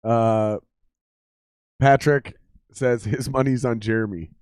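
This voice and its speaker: A man's voice: medium pitch, fairly even intonation, takes it slowly, darkish tone, clean tone, no echo. Male host, casual and profane, laughs a lot, dry close mic. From Minnesota. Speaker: podcast host. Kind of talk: casual live-stream banter.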